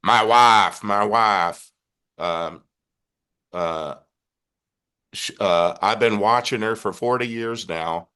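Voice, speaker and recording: A man's voice: fairly low pitch, slow, pauses often, bright, forceful tone, pitched above the performer's own voice. An older man voicing the angry spirit of a young man from the rural American South, with a rural Georgia accent. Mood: pleading. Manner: gruff, bitter and pleading.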